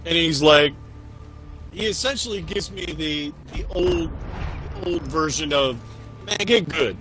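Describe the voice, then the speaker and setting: A man casually telling a story with lots of swearing, acting out what each person said in an animated way. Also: a little high, unhurried, music in the background, low-quality recording. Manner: profane, animated, acts out quotes. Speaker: podcast co-host.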